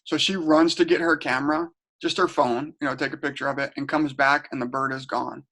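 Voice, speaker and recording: A middle-aged man with a slightly raised pitch talks through a casual home webinar. He tells stories in a loose, chatty way, often doubling back on his words. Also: steady tone, fairly quick, bright, forceful tone. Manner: chatty, storytelling, repeats and restarts words. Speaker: webinar presenter. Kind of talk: casual teaching talk. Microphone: home webinar setup.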